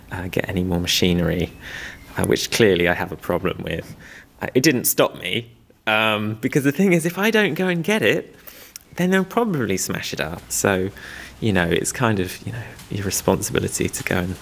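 A man's voice: low-pitched, gravelly. A man who weaves and restores old looms, talking in a documentary interview in a rambling, self-deprecating way with small chuckles.

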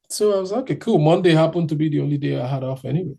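A man's voice: on the high side, racing, gravelly, mellow, slightly rough. A man from Nigeria telling his own story in casual chat, acting out other people's voices as he goes.

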